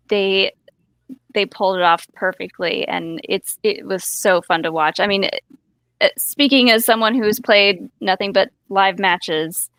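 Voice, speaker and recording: A young woman on a podcast panel, chatting enthusiastically in a slightly halting way. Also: medium pitch, fairly bright tone, no room sound. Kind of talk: casual chat.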